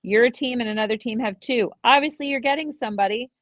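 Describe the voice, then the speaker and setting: A woman's voice: fairly high pitch, quick pace, no room sound. A woman co-hosting a casual aftershow, telling stories and acting out what others said. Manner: animated storytelling, acts out quoted dialogue. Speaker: co-host and former contestant.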